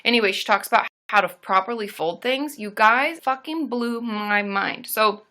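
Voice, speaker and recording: Woman therapist, livestream host, bright forceful tone, bubbly and casual, cheers viewers. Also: medium pitch, normal speed. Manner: bubbly, cheers viewers with squealed woo woos, swears casually.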